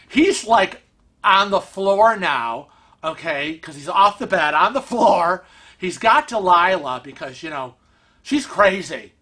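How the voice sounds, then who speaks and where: Bright-voiced man telling a story. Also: sits high. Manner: animated, chatty, laughs through the story. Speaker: vlog host. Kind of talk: casual storytelling. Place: family room at home.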